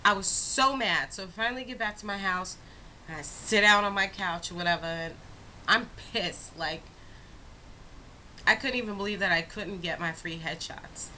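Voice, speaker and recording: Young woman, casual vlog storyteller, bright tone, lively and expressive delivery. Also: mid-range voice, moderate pace, a little hiss or hum, low-quality recording. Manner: animated, expressive retelling with rhetorical asides. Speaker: vlogger.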